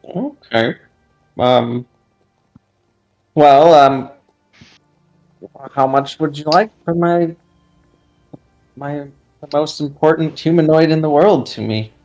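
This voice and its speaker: A man playing a tabletop game, talking in a hesitant, earnest, halting way. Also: a little high, darkish tone, faint music behind, low-quality recording. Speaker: player.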